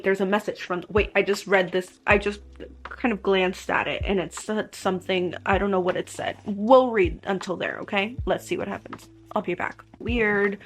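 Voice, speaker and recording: A young woman vlogging about a book, reading passages aloud and reacting with strong emotion between them. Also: mid-range voice.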